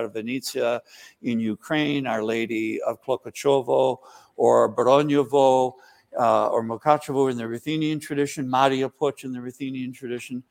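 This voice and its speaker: A man's voice: mid-range voice, creaky. A man who is a priest, answering interview questions in a rambling, explanatory way with frequent fillers. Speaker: Byzantine Catholic priest.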